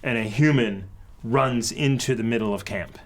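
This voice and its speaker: Deliberate man running the game. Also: mid-range voice. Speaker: game master. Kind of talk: narrating a tabletop game.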